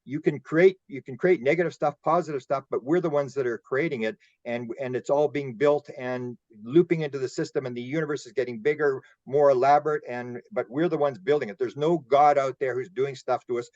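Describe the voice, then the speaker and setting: A man's voice: medium pitch, fairly quick, few pauses, darkish tone, no room sound, lo-fi sound. A man talking casually in a roundtable discussion, rambling and repeating words as he explains his ideas. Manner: rambling, repeats words, acts out quoted voices. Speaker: UFO researcher and guest.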